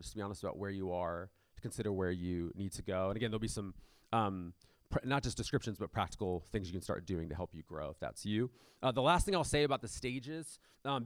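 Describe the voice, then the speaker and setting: A man preaching from a church stage, his voice sitting low and pretty dry up close on the mic. He talks in a loose, conversational way, full of ums and restarts. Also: dry recording. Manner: conversational, many fillers and restarts. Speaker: pastor. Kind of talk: sermon.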